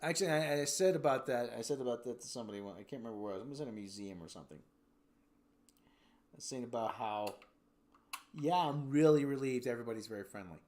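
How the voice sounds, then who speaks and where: A man's voice: mid-range voice, lively intonation, fast talker, a little mellow. An American man hosting a livestream, chatting casually and reading viewer comments, rambling with restarts and putting on silly voices. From United States. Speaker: livestream host.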